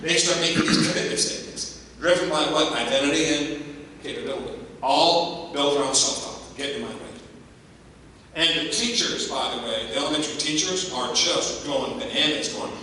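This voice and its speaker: Older man, motivational speaker, emphatic and energetic, bright voice, distant mic, big echoey hall, faint background noise. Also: on the high side, normal speed. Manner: energetic, emphatic, rhetorical questions to the audience. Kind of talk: motivational keynote address. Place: large hall at a staff convocation.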